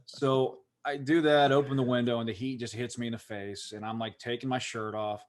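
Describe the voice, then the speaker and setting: A man's voice: mid-range voice, brisk. A man with a Pittsburgh accent, co-hosting a podcast and telling a long, rambling story full of "like" fillers. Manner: rambling, animated, lots of "like" fillers. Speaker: podcast co-host. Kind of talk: casual storytelling chat.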